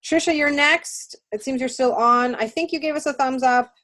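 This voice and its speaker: Hurried woman reading out viewer comments. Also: sits high, a bit bright, poor audio. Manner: hurried, fast-talking, thanks viewers one after another. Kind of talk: casual live-stream chat.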